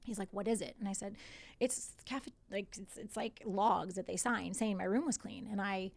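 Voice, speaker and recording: A woman's voice: medium pitch, steady tone, moderate pace, gravelly. A woman in her forties, a podcast guest, animatedly retelling what happened to her, quoting others and swearing. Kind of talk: casual storytelling in conversation.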